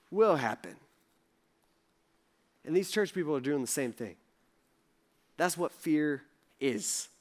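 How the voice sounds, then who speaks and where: A man in his thirties gives a casual, story-driven sermon in a church. His voice sits high for a man, and he talks loosely, full of fillers and quick asides. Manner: animated storytelling, lots of fillers. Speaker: pastor. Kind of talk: conversational sermon. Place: church sanctuary.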